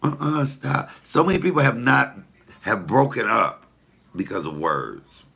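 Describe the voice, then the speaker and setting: A man's voice: medium pitch, big pitch swings, unhurried, vocal fry, bright, forceful tone, slightly rough. A comedian talking casually to the camera, blunt, profane and preachy as he tells stories and gives advice.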